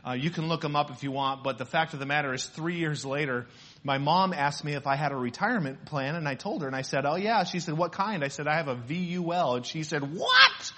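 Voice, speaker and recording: High, bright-voiced male preacher. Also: fast talker. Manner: conversational, asks the congregation questions. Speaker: pastor. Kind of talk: sermon with personal story.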